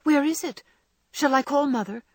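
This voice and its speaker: A woman voicing a frank, spirited young woman in a storybook reading, brisk and bossy yet caring. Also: high voice, no echo, pitched above the performer's own voice. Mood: tender. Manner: brisk scolding, softening to tender.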